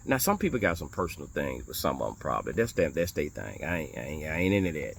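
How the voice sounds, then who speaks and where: Very deep-voiced blunt preaching man. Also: fast talker, gravelly, a little hiss or hum. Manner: animated and blunt, with swearing and rhetorical challenges; repeats phrases for emphasis. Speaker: minister of a small congregation. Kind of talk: casual religious talk to viewers.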